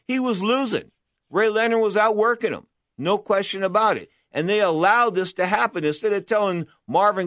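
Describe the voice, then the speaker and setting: A man's voice: high voice, moderate pace, a bit bright, no echo, clean studio sound. A man talking boxing history in a blunt, emphatic monologue, often asking and answering his own questions. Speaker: boxing commentator. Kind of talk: opinionated monologue.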